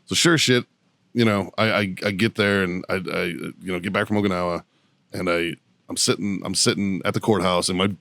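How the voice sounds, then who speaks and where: This podcast guest and show producer has a low, creaky voice that is steady and a bit bright. He swears his way through a quick, casual story, laughing frequently, with no room sound behind him.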